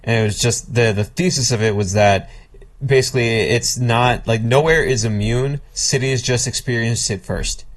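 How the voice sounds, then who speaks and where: A man co-hosting a podcast, chatting casually in a dry, measured way and laughing often. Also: mid-range voice. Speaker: podcast co-host. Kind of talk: casual chat.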